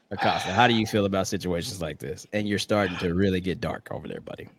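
A man's voice: low-pitched, quick pace, noisy background. A man hosting a casual sports podcast, playful and teasing with his co-hosts. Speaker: podcast host.

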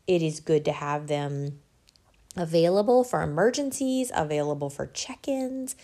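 Gravelly-voiced storytelling woman. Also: on the low side. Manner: animated, laughing, conversational storytelling. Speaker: nonprofit founder sharing a personal story. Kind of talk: casual personal talk to an audience.

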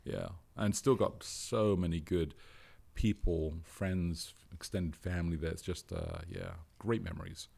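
An English man from southeast London speaks in a very low voice. He chats casually and playfully as a podcast guest and laughs often. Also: fairly even intonation, measured pace, gravelly, few pauses, darkish tone. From England, southeast London. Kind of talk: casual conversation.

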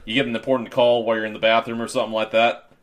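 A man's voice: mid-range voice, flat delivery, rapid-fire. A man in casual chat, laid-back and joking, telling stories.

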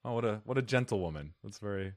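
A man's voice: on the low side, animated, fast talker, no echo, clean studio sound. A man hosting a podcast, upbeat and rambling, laughing often with his guest. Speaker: podcast host. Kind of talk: casual podcast chat.

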